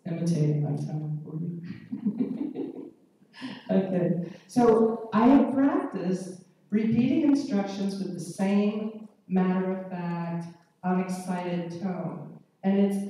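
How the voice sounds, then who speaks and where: A woman pediatrician giving a measured, explanatory conference lecture and often checking in with the audience. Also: lowish voice, warm tone, slight background noise. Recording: echoey hall, mic far off.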